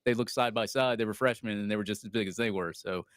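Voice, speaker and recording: A man's voice: on the low side, fast, a bit bright, dry recording. Man, sports co-host, rambling, chuckles, dry mic. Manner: rambling, laughs between points. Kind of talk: casual sports chat.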